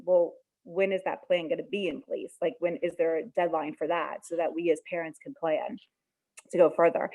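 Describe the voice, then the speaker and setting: A woman's voice: on the low side, darkish tone, rough recording. A woman speaking as a parent at a school board meeting, earnest, with fillers and restarts. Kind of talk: public comment on a call.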